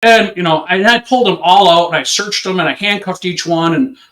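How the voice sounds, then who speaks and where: A man with a fairly high voice tells a story from his work as a police officer, slipping into the voices of the people in it. He talks in a casual, conversational way, full of "you know". The recording sounds roomy and echoey. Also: fairly quick, fairly bright tone. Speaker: interview guest. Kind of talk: animated anecdote telling.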